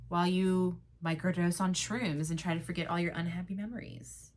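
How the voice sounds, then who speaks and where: A young woman talks through a TV episode on her own podcast, dry and sarcastic, swearing freely. She slips into quick mocking voices for the characters, and her speaking voice sits on the low side for a woman. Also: a bit bright. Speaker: podcast host. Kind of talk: casual solo recap chat.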